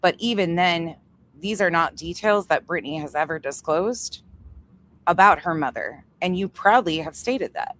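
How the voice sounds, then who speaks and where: Blunt, swearing woman with a low voice. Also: moderate pace, fairly bright tone. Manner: blunt, profane, heated. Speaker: commentary channel host. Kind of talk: livestream commentary.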